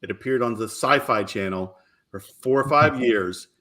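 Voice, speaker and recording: A middle-aged man hosts a casual podcast chat. He talks in a loose, rambling way, restarting sentences and getting animated when he tells a story. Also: mid-range voice, normal speed. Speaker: podcast host.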